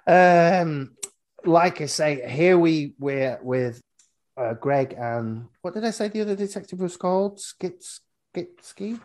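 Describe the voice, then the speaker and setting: A man's voice: on the high side, animated, slow, darkish tone. A man hosting a podcast, recapping a horror film in rambling, wry casual chat and swearing freely. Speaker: podcast host.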